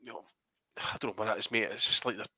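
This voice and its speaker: Brief: male podcast host, bright, clipped voice, dry close sound, rants hard and swears a lot. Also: lowish voice, steady tone, fast talker, husky, dry recording. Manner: profane, ranting, blunt. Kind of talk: casual chat.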